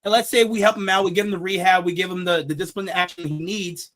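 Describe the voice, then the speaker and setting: A man's voice: high voice, steady tone, quick pace, a bit bright. A young man hosting a casual sports talk show, joking, laughing at his own jokes and repeating himself as he talks. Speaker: show host.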